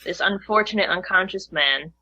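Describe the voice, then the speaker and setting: A woman's voice: medium pitch, normal speed, bright, forceful tone, dry recording. A woman player speaking in character in a tabletop game, formal, polite and assertive. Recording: dull, lo-fi sound.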